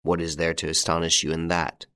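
A stern count addressing his wife with cold, jeering insolence, as a man voices him in a storybook reading. The voice is very deep and measured. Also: little pitch movement, bright, forceful tone, clean tone.

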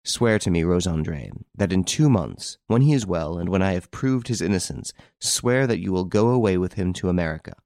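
A man reading an audiobook, voicing a suave gentleman adventurer who speaks with calm assurance. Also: deep voice, fairly quick, hardly any pauses, no room sound, studio quality. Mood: assured.

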